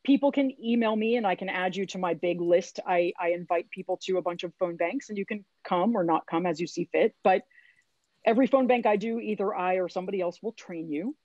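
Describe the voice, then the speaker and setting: A woman's voice: on the low side, fairly quick, darkish tone, no room sound. A middle-aged woman, a community organizer, talking earnestly and encouragingly as she gives phone bank training over a video call. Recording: slightly dull lo-fi sound.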